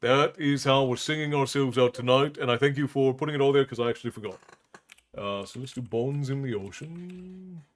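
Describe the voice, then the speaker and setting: A man hosting a tavern-themed live stream, chatting casually and thankfully with his audience between songs. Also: medium pitch. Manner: unhurried, thankful, easygoing banter.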